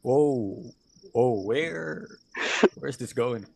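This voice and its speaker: A player voicing a gruff, grumbling adventurer in an online tabletop game, bewildered and complaining. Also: mid-range voice, lively intonation, extremely slow, warm tone, heavily acted.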